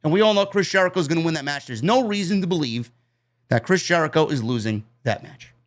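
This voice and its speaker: A man's voice: a little high, expressive, fast. A man with a New York accent giving a loose, chatty recap of a wrestling show, with fillers and casual swearing.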